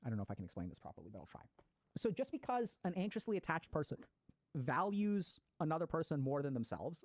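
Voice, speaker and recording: A man, a psychiatrist, lecturing casually and at a brisk, rapid clip. His voice sounds dry and close, with no room echo. He talks in a chatty way, swears now and then, and drops gaming slang. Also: a little high, big pitch swings, darkish tone. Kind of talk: casual lecture to an online audience.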